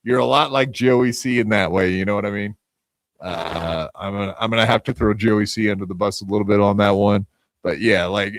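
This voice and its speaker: A man's voice: lowish voice, fairly even intonation, brisk, dry recording. A man hosting a live podcast on his own, delivering a profane, taunting rant and casual sign-off chatter. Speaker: podcast host.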